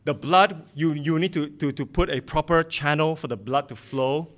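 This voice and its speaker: A man's voice: a little high, normal speed, fairly bright tone. A man preaching a sermon as pastor, impassioned and firing off rhetorical questions.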